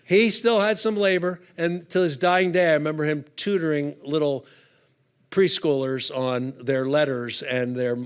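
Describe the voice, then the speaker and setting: A man's voice: on the high side, steady tone, unhurried, smooth. A man speaking at a conference, telling humorous stories in a chatty, conversational way with punchy asides. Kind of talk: humorous storytelling talk. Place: conference hall.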